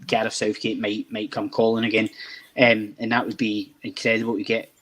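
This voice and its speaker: A man's voice: lowish voice, little pitch movement, normal speed, fairly bright tone. A young Scottish man hosting a casual football chat show, rambling and repeating words as he starts each thought. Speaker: podcast host.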